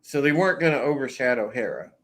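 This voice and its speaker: A man co-hosting a podcast in casual chat, relaxed and full of fillers and repeated words. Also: medium pitch, fast. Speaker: podcast co-host.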